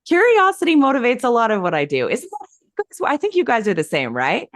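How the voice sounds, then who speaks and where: A woman guest telling her story in an interview, lively and emphatic, acting out quoted dialogue as she goes. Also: fairly high pitch, fairly quick, no room sound, clean studio sound. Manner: animated, acts out quoted dialogue; emphatic and enthusiastic. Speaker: hypnosis coach and guest.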